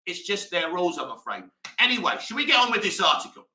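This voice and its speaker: A man's voice: sits high, big pitch swings, quick pace, bright, forceful tone, roomy sound, far from the mic. A man hosting a live movie news stream, talking passionately and rambling straight to his viewers. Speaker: movie news channel host.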